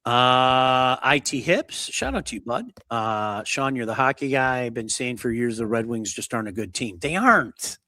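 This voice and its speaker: A man hosting a sports talk show, blunt and animated, reading out viewer comments and going over player stats. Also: mid-range voice, moderate pace, hardly any pauses, no echo, clean studio sound.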